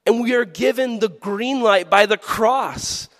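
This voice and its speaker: A man's voice: very high voice, a little slow, fairly bright tone, long reverb tail. A man preaching a youth sermon as a pastor, playful and jokey, with sudden earnest drops.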